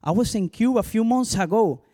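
Here a male pastor, whose first language is Spanish and whose accent is strong, delivers a brisk, animated testimony about his own life. His voice sits high, and "you know" asides fill his speech.

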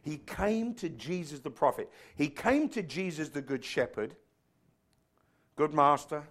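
A man preaching with fervor, his voice sitting a little high for a man. He drives his points home and swells into loud, emphatic bursts. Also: big pitch swings, moderate pace. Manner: fervent, rising to shouts. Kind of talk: sermon.

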